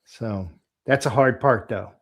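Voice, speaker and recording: A man hosting a podcast talks casually with his guest. His delivery is relaxed, and he chuckles as he speaks. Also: mid-range voice, unhurried, creaky, slight background noise. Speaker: podcast host. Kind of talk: casual interview chat.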